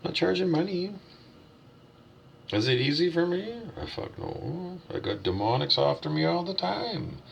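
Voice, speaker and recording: A man's voice: a little high, lively intonation, a little slow, creaky, lo-fi sound, slight background noise. A man delivering a blunt, profane, preachy vlog rant as a self-styled spiritual teacher, asking himself questions and answering them. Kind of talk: ranting vlog monologue.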